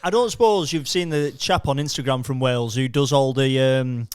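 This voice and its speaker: A man's voice: mid-range voice, normal speed, darkish tone, clear, resonant tone, no room sound, studio quality. A man of about thirty hosting a casual podcast, teasing and telling stories with a laugh. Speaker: podcast host.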